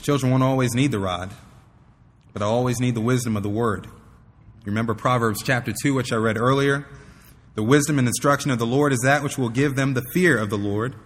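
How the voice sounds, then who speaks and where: A man's voice: mid-range voice, brisk, big-room sound. A man preaching to fathers, teaching earnestly and telling a personal story. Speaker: pastor. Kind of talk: sermon.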